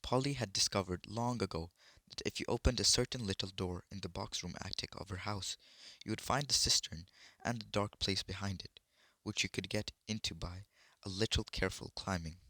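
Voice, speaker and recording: A man's voice: deep voice, fairly quick, few pauses, pushed and bright, dry recording, clean studio sound. A man reading a children's novel aloud, unpolished, with slips and restarts. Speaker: reader.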